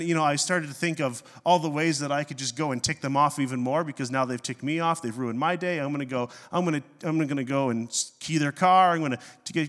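A middle-aged man, a pastor, preaching a sermon and telling a personal story with self-mocking humor and animated swings in his delivery. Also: on the high side. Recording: long hall reverb.

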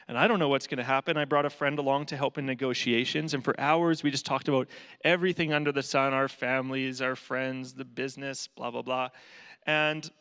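A man's voice: mid-range voice, fairly bright tone, clear, resonant tone, long reverb tail. A man giving a guest talk at a church, telling a story in a humorous, casual way. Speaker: guest speaker for a charity.

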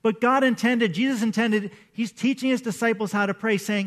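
A male pastor preaching a sermon in a conversational, animated way, acting out the people he quotes. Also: very high voice, moderate pace, few pauses.

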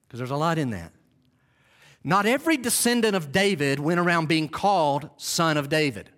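A male pastor preaching a sermon in an animated, dramatic storytelling manner. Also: on the high side, moderate pace.

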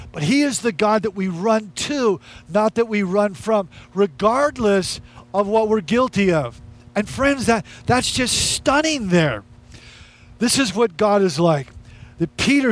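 Brief: male pastor, high voice, casual but emphatic sermon delivery with lots of repetition. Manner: conversational, emphatic preaching with repetition.

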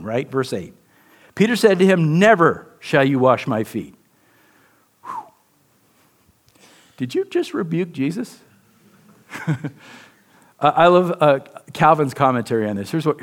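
A man preaching a sermon in a conversational, candid way, often checking in with the listeners. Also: fairly high pitch. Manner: conversational, candid, with frequent "right?" asides and restarts. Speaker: pastor.

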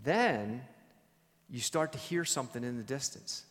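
A man teaching a church Bible study in a conversational, animated storytelling way. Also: mid-range voice, a little slow, big-room sound.

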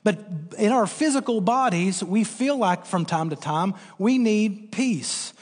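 A man preaching a sermon in a fairly high voice, earnest and emphatic, leaning on repeated words between fillers. His voice rings out with a long reverb, as if in a large church hall. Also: lively intonation, measured pace, a little mellow, slightly rough. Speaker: pastor.

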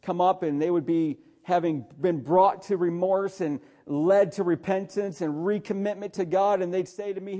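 A man's voice: high voice, fairly even intonation, normal speed, hardly any pauses, dark tone. A middle-aged man, a pastor, preaching a sermon in an urgent, exhorting way, often calling out to listeners.

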